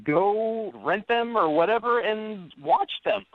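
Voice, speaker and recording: A man calling in to a radio show, incredulous and excitable. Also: sits high, takes it slowly, dry recording, narrow, tinny audio. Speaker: caller. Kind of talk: radio call-in chat.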